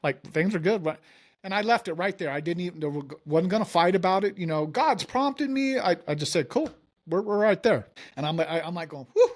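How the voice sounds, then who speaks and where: A man's voice: high-pitched, lively intonation, brisk. A man, a mortgage company founder, telling his story in a casual interview and acting out the dialogue.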